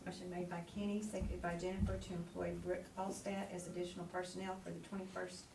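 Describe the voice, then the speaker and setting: A woman chairs a school board meeting, restating each motion and calling names for the vote in a flat, even voice. She sounds far from the microphone in an echoey room, with clear background noise. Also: on the low side, fast talker. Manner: reads motions and roll call in an even, businesslike way. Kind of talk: formal meeting procedure. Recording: echoey room, distant mic, noisy.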